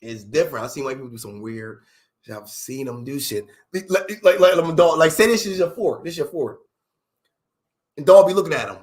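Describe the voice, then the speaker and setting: High-voiced man ranting emphatically. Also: brisk. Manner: animated, profane, emphatic. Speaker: livestream host. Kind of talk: profane comedic rant.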